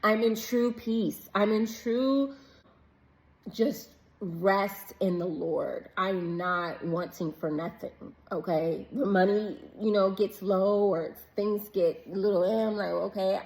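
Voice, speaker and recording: A woman's voice: medium pitch, a little mellow, rough recording. A woman vlogging on vacation, earnestly and emotionally sharing a faith testimony in casual, preacher-like talk. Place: on vacation, about to eat breakfast.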